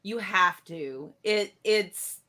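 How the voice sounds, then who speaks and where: A woman's voice: medium pitch, extremely slow, bright, forceful tone. A woman co-hosting a casual podcast chat, giggling often. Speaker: podcast co-host.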